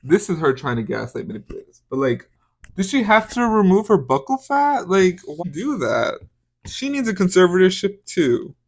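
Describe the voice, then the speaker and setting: A man's voice: high voice, very animated, moderate pace, no room sound. A young man hosting a podcast, giving casual, profane celebrity gossip commentary with dramatic, exaggerated outbursts. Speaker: podcast host.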